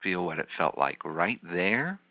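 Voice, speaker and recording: Deep-voiced man guiding a calm visualization. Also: measured pace, no echo. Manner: soft, repetitive, soothing coaching. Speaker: healing practitioner guiding a volunteer. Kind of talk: slow guided imagery session. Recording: dull lo-fi teleconference line.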